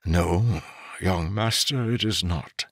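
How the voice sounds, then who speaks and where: A man voicing a quiet, loyal male servant who speaks softly, slowly and with measured solemnity. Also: low voice, slightly rough, no echo, studio quality, heavily acted. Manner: soft, slow and measured.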